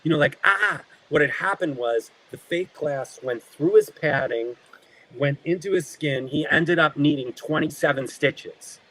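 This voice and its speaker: A man who works as an actor, a guest telling lively stories in casual talk. He acts out quoted lines and often laughs. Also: on the high side, measured pace, low-quality recording.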